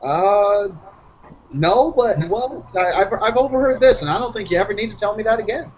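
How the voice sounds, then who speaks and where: A man's voice: high voice, expressive, moderate pace. A man running an online tabletop role-play as game master, joking and easily flustered. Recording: muffled voice chat with faint noise.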